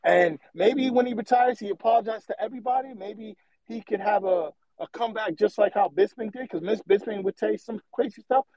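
A man's voice: high voice, fairly quick, mellow, no room sound, low-quality recording. A man calling in to a show, giving a long, passionate and rambling opinion, often repeating himself. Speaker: caller. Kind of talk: opinionated call-in rant.

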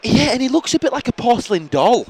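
A man's voice: extremely high pitch, sing-song, fast talker, crowd noise. A man co-hosting a podcast at a football match, laughing a lot and tripping over player names. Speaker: podcast co-host. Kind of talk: casual match-day banter. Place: outdoors at a football stadium.

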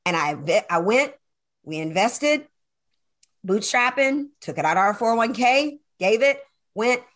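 In a conversational interview, a speaker and coach shares her own story emphatically and with lots of animation, acting out quoted dialogue and often turning to the listener with fillers and asides. She has a fairly high voice and a measured pace.

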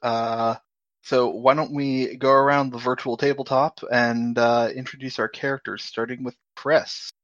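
A man hosting and running a tabletop role-playing game online, talking casually with frequent pauses and fillers. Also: mid-range voice, dry recording, lo-fi sound. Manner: relaxed, hesitant with many uhs. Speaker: game master and host. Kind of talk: casual actual-play narration.

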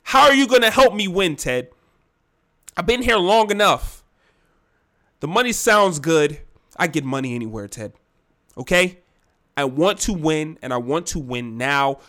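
A man's voice: fairly high pitch, lively intonation, normal speed, pushed and bright. A man voicing a frustrated male star player who heatedly insists on winning.

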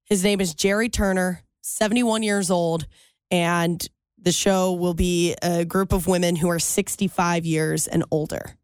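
A woman's voice: lowish voice, steady tone, measured pace, a little mellow, clean tone, no room sound. Chatty young woman co-host, dry sound. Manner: chatty, teasing, laughs often. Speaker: radio show co-host. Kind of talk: casual banter.

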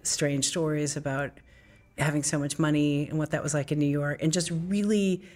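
Middle-aged actress guest, a low-leaning voice, spins animated anecdotes and mimics the people in them. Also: female voice, normal speed. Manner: lively storyteller who acts out quoted voices. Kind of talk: candid interview storytelling.

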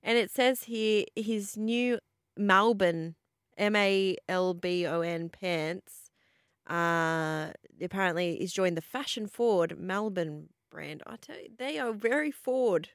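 A woman co-hosting a breakfast sports radio show, chatting in a lively way and laughing often. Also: mid-range voice, slow pace, clean tone, dry recording, clean studio sound. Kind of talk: casual radio chat.

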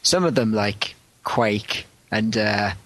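A man co-hosting a casual podcast, speaking in a measured, soft-spoken way. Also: lowish voice, expressive, dry recording, low-quality recording. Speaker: podcast co-host. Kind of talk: casual toy podcast chat.

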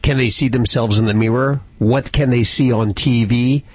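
A man's voice: mid-range voice, steady tone, normal speed, breathy edge, no echo. A man hosting a pet talk radio show, joking with co-hosts and reading sponsor copy. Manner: chatty, jokey, reads sponsor copy. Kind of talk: lively talk radio banter.

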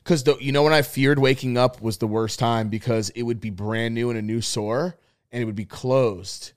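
A man's voice: medium pitch, fairly even intonation, normal speed. A young man, co-host of a podcast, talking candidly in casual chat, swearing a lot and stumbling over restarts.

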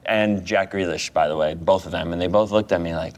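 A man from the United States in his thirties talks casually as a podcast guest. His voice sits a little low, and he tells long, easygoing stories. He laughs often as he goes. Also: steady tone, fairly quick. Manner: chatty storyteller, laughs often. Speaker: guest goalkeeper. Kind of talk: casual chat.

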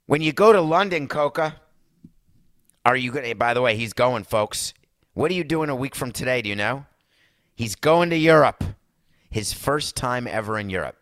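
A man's voice: mid-range voice, lively intonation, moderate pace, a bit bright, no echo, clean studio sound. A man hosting a podcast in casual chat, rambling and sarcastic as he reviews a movie and talks to his listeners as folks. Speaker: podcast host.

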